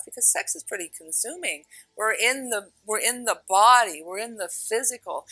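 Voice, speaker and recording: A woman with a bright, clear voice gives a spiritual teaching talk, earnest and emphatic. She leans on repeated phrases to drive points home. The sound is dry and close, with faint music underneath. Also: lowish voice, no echo, rough recording.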